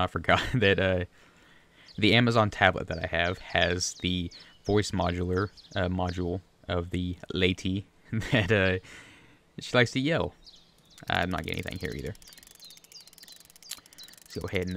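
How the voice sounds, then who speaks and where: A man's voice: low voice, moderate pace, creaky, long pauses, a bit bright, slight background noise. A man chatting casually and rambling through gameplay commentary at his home desk, talking to the fish on screen. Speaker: gaming video creator. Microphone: USB desk microphone.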